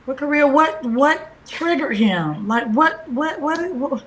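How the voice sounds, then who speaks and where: A woman's voice: sits high, lively intonation, slow pace, fairly bright tone. A woman interviewing a guest on a casual live stream, asking questions and reacting briefly.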